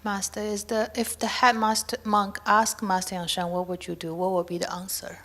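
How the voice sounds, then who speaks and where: A woman in a class asks her teacher a question in a polite, hesitant voice. She starts over a few times and speaks softly with respect. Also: mid-range voice, flat delivery, normal speed. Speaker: student asking a question.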